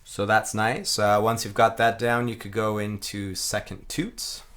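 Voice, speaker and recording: Male instructor, lowish voice, thoughtful and easygoing, talks through technique step by step. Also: measured pace. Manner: relaxed, reflective, chanting rhythm syllables aloud. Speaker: didgeridoo teacher. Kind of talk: explaining a playing technique.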